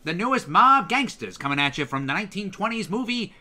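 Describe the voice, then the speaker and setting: A man plays a brash old-time male announcer from the 1920s, pitched high and loud. The delivery is bright and forceful, and the pitch swoops all over. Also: big pitch swings, a little fast, full character voice. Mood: hyped.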